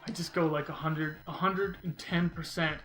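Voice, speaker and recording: A man's voice: fairly high pitch, steady tone, normal speed, a bit bright, faint music behind, poor audio. A man streaming a video game and chatting casually, rambling and reading viewers' messages aloud. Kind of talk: casual gameplay commentary.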